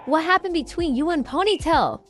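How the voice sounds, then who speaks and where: A naive, anxious young woman pleads in a whiny, very high voice that swoops up and down as she questions, as a storyteller imitates her friend. Her tone is soft and needy. She sounds earnest and slightly clueless. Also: lively intonation, a little fast, over music. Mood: pleading.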